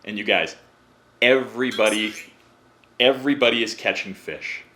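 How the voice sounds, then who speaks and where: A podcast guest with a lower, pushed, bright voice tells a long story at a normal speed. He's chatty about it and acts out the voices of the people he quotes.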